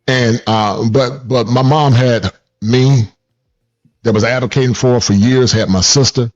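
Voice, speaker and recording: A man's voice: medium pitch, unhurried. Emphatic man talking in a lo-fi recording. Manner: animated, repetitive, emphatic. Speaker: therapist and host. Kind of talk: casual conversation.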